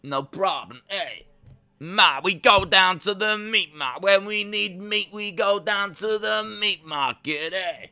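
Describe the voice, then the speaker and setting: A man's voice: sits high, slow pace, gravelly, sharp tone, clean tone, soft background music, pitched above the performer's own voice, exaggerated voice. A man putting on a swaggering mobster voice. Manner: drawling tough-guy patter ending lines with "eh?". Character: brash Italian-American mobster man, swaggering.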